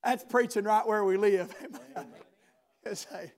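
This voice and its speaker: A man preaching a fiery sermon, punctuating nearly every line with "amen" and building to rhythmic shouts before dropping back to a near-murmur. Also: very high voice, unhurried. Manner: calls out "amen" often, chants and shouts rhythmically.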